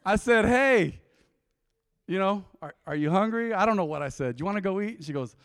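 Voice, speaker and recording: Animated pastor preaching. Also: male voice, sits high, moderate pace, smooth, no room sound, clean studio sound. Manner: lively storytelling, acting out dialogue. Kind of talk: sermon.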